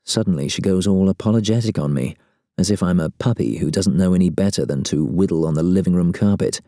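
A man reads a first-person novel with wry, sardonic timing. His voice sits very low and sounds mellow and dark. The recording is close and dry. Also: fairly quick, no room sound. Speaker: audiobook narrator. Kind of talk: first-person audiobook narration.

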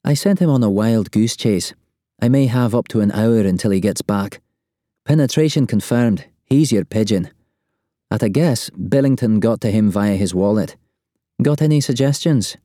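A man's voice: on the low side, moderate pace, mellow, no echo, studio quality, pitched above the performer's own voice, close to an everyday voice. A man reading an audiobook voices an exhausted woman secret agent who speaks in a clipped, tense way, barely holding back fury.

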